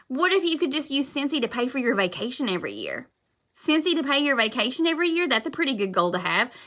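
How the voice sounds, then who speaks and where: A woman talks loudly and emphatically in a live-stream pep talk, blunt but quick to apologize. Her voice is bright and forceful, set a little high. She rambles, circling back to the same points. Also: sing-song. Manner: loud and fired up, talks emphatically. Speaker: direct-sales consultant.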